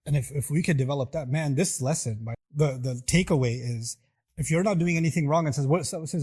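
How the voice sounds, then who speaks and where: A man's voice: on the high side, brisk, a little mellow, breathy edge. A middle-aged man giving a sermon, asking the audience rhetorical questions and acting out quoted voices. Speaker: preacher.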